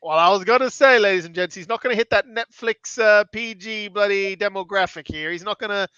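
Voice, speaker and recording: A man's voice: high-pitched, brisk, background noise. A man co-hosting a podcast, joking and teasing while firing off questions. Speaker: podcast co-host. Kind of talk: casual chat. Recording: dull, dry lo-fi recording.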